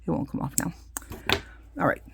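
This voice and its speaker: A middle-aged craft teacher casually demonstrates her craft, chatty and full of asides as she explains things hands-on. She talks at a normal speed, with background noise in the recording.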